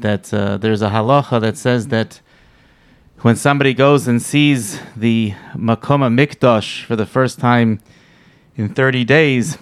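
A man's voice: mid-range voice, clean tone, no room sound. A man interviewing a rabbi, thinking aloud in a hesitant, thoughtful way. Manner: thoughtful, hesitant, many restarts. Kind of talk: conversational interview.

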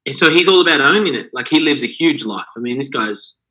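A man's voice: mid-range voice, animated, a little fast, bright, forceful tone, rough recording. A man co-hosting a podcast, talking in a rambling, earnest way with many fillers. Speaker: podcast co-host. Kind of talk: casual podcast chat.

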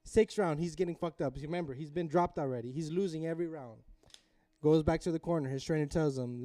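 A man's voice: fairly high pitch, fast talker, no echo, recorded from a distance, faint music behind. A man telling a boxing story in casual chat. He swears a lot, gets carried away, and acts out the lines of the people in the story. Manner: excitable, swears a lot, shouts during the story, laughs often. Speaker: podcast co-host.

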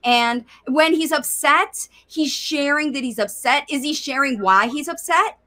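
A woman hosts a conversational interview, her voice bright and sharp. She talks energetically, laying out ideas in long, flowing stretches. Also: high-pitched, a little slow. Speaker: host.

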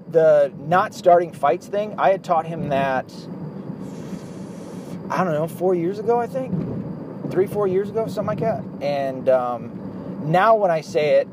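A man in his thirties talking casually about fatherhood, blunt and profane, rambling with lots of fillers. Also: fairly high pitch. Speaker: dad vlogger. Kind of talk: casual monologue to camera. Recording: outdoor traffic noise behind.

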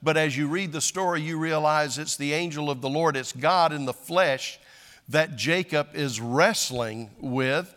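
A man's voice: fairly high pitch, a little slow, a bit bright, long reverb tail. An older man, a pastor, preaching a sermon in a conversational, self-deprecating way with frequent restarts.

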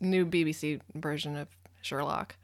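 A woman's voice: low voice, steady tone, moderate pace. A woman co-hosting a casual podcast chat, adding examples and pushing back on points. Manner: chatty, adds examples and objections. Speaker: podcast co-host.

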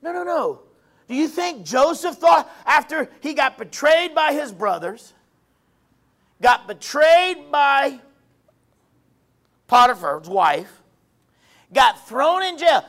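A male preacher with a strikingly high-pitched voice delivers a sermon. He hammers his points by repeating phrases, rising to shouts and then dropping to hushed asides. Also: very animated, slow pace, long pauses. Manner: emphatic, repeats phrases, swings between shouting and quiet.

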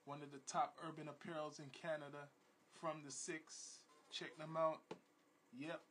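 Chill guy hosting a podcast, slangy, lots of shout-outs, fairly high voice. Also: level tone, normal speed, a little hiss or hum. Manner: repeats shout-outs and slogans; laid-back slang. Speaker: podcast host. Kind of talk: casual podcast chat.

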